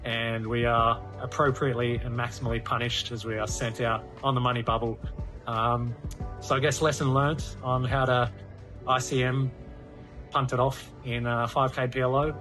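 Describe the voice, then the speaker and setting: Man, monotone, self-deprecating, music underneath. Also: medium pitch, normal speed, low-quality recording. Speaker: poker player recounting a hand. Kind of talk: casual recap. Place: poker tournament venue.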